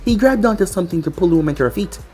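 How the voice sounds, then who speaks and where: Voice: mid-range voice, lively intonation, rapid-fire, warm tone, soft background music. A reader casually reading a fan fiction story aloud, stumbling over words now and then.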